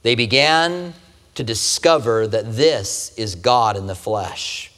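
A man's voice: mid-range voice, slow pace, fairly bright tone. A man preaching a conversational sermon, asking the listeners rhetorical questions. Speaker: pastor. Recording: long hall reverb.

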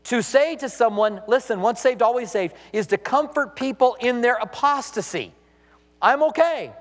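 A man preaching a sermon as a pastor, animated, acting out the voices he quotes. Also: very high voice, normal speed, big-room sound.

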